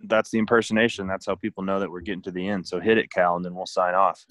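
A man co-hosting a podcast in casual chat. His voice is very deep. He is dry and matter-of-fact, and he steers the conversation. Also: level tone, quick pace, fairly bright tone, dry recording. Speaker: podcast co-host.

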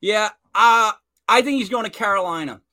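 A male co-host in casual sports chat, opinionated and animated, with many fillers. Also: high-pitched, normal speed, no room sound. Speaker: podcast co-host.

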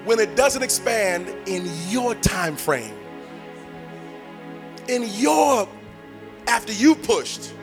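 A man preaching a sermon, repeating phrases and building to shouted points. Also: high-pitched, slow pace, long pauses, music in the background. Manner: animated, repetitive, building to shouts.

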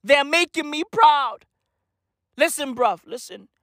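Give me a slow-talking, excitable South African man reacting to a clip, dry close sound. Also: very high voice, no room sound. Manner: excitable, swearing, bursts into shouts. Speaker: reaction video host.

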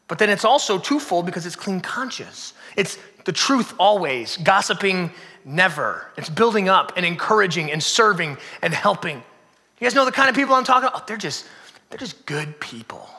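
Expressive high-voiced male preacher in a hall. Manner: dramatic swings from loud emphasis to hushed near-whisper. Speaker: pastor. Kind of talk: sermon.

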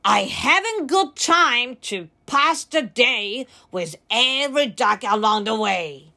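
A woman's voice: on the high side, lively intonation, takes it slowly, pushed and bright, voice pushed down, full character voice. A woman voicing a big, bossy male dump truck in a hurry, in a picture book read-aloud for preschoolers. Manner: blustering, impatient.

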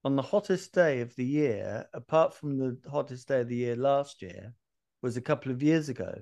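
Casting: male podcast host, gravelly, mellow, animated storyteller. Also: mid-range voice, moderate pace. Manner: animated storyteller, laughs often. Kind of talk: casual chat.

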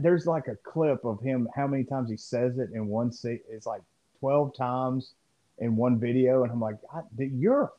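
A man co-hosting a podcast in casual chat, rambling and profane as he riffs. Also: medium pitch. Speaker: podcast co-host. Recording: muffled lo-fi audio.

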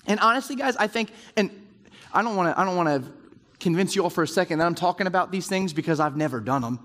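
A man with a high voice preaches in a conversational way to a roomful of men at round tables, slipping into quoted inner voices to make his points. His words carry a long hall reverb behind them. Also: quick pace, fairly bright tone. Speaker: speaker at a men's group. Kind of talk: sermon. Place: large room with round tables.

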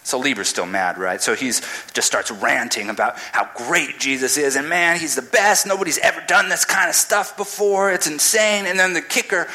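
A man's voice: on the high side, animated, normal speed, hardly any pauses, sharp tone, poor audio. A man giving a casual, humorous sermon, retelling a scripture story dramatically.

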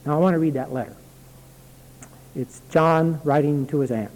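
A man preaching in a church, his voice pitched high for a man and carried by a long hall reverb. He speaks earnestly and climbs into strong, repeated calls to his listeners. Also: moderate pace, long pauses, darkish tone. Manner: earnest, building to rising emphatic exhortation. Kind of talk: sermon with a read-aloud letter. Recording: long hall reverb, 1982 sermon tape.

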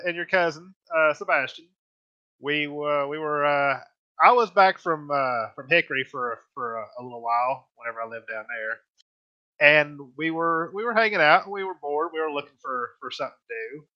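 A man's voice: fairly high pitch, moderate pace, bright, forceful tone, dry recording, lo-fi sound. A man co-hosting a podcast in casual chat, telling a story. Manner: rambling storyteller with many restarts and fillers. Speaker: podcast co-host.

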